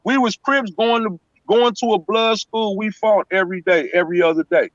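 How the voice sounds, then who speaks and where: A man's voice: high-pitched, moderate pace, no room sound. Emphatic Los man, dull lo-fi call. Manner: emphatic street storytelling, repeats "you know what I'm saying". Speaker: guest. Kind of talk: casual chat.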